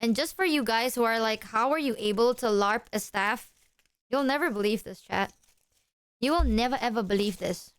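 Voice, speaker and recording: Flustered high-voiced streamer woman. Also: moderate pace, smooth, no room sound. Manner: flustered, apologetic, excitable. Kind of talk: casual stream chat to viewers.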